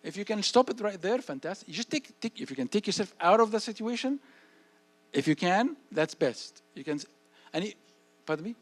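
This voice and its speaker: A man speaks to parents in a church hall as a guest speaker. His voice sits a touch higher than most men's. He talks with lively energy, acting out short exchanges and hammering phrases home through repetition. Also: brisk. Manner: animated, acts out dialogue, repeats phrases. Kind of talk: parenting talk answering audience questions.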